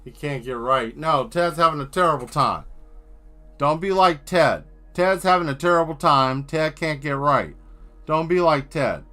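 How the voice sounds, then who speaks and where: A man's voice: on the high side, expressive, a little slow, pushed and bright, soft background music. A man chatting casually on a live stream while he draws, rambling and riffing on jokes. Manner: rambling, joking riffs. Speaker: streaming artist.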